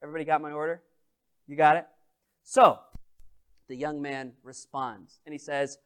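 A man's voice: on the high side, moderate pace, long pauses, smooth. A man preaching a sermon as pastor, telling a story and asking the congregation questions. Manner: animated, addresses the congregation directly.

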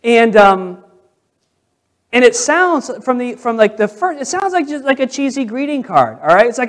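A middle-aged male pastor preaching a sermon in a conversational way, dropping to a hush and then building to loud, emphatic stretches. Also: very high voice, sing-song, moderate pace.

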